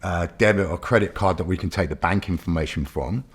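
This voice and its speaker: A British man voicing a friendly, easygoing male yacht salesman with a breezy, reassuring manner, pitched higher than his own voice. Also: brisk, husky.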